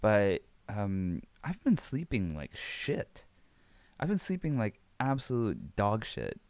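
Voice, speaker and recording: Rambling, profane podcast host. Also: male voice, on the low side, huge pitch swings, slow pace, a little mellow, no room sound. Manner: rambling, profane, laughs often. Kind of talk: casual wrestling recap chat.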